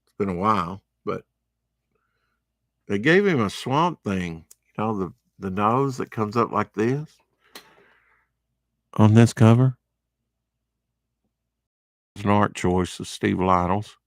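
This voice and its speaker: A man's voice: fairly low pitch, lively intonation, slow, pauses often, no room sound, studio quality. A man giving casual, rambling commentary while unboxing comic books, with chatty, opinionated asides. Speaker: comic book vlogger.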